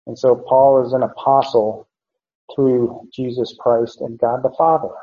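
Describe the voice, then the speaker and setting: A man teaching through a Bible passage verse by verse, explaining deliberately and pausing often to correct himself. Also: mid-range voice, level tone. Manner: slow, deliberate explanation with frequent "uh" and self-corrections. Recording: roomy, dull lo-fi recording.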